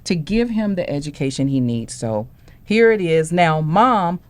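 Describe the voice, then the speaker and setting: Animated mom telling a story. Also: female voice, low voice, a little slow. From Houston, Texas. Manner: animated storytelling, acts out dialogue. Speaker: parent panelist. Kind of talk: panel discussion storytelling.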